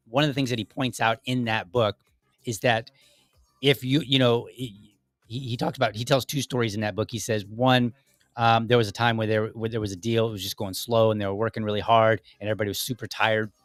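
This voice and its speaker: A man hosting a political podcast in a casual, opinionated way, rambling with frequent restarts, his voice a bit deeper than usual as he is under the weather. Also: a bit bright, dry recording. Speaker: podcast host.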